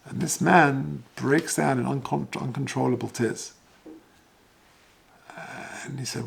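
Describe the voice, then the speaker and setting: A man's voice: medium pitch, fairly even intonation, slow, gravelly, pauses often, breathy edge. A man, a rabbi, telling a moving story as a sermon in an earnest way. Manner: earnest, builds intensity at emotional moments.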